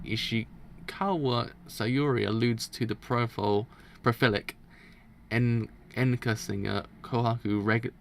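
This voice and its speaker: A man's voice: medium pitch, creaky, a little hiss or hum. A man hosting a manga reaction, reading notes aloud and chatting casually, often stumbling over words and correcting himself. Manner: chatty and self-deprecating. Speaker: manga reaction channel host.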